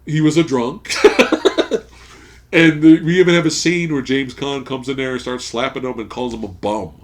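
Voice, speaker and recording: A man hosting a podcast, casually recapping a movie plot as an animated storyteller who swears freely. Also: mid-range voice, moderate pace. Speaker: podcast host. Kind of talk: casual movie review chat. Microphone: studio podcast mic.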